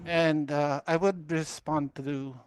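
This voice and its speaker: A man's voice: fairly high pitch, fairly even intonation, slow pace, a little hiss or hum. A man playing a tabletop game, hesitantly describing and voicing his character. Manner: hesitant, with fillers. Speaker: player.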